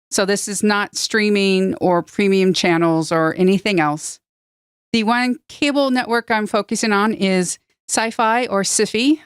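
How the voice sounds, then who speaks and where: A woman guest on a podcast, giving a brisk, matter-of-fact news roundup. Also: medium pitch, clear, resonant tone, no room sound, studio quality.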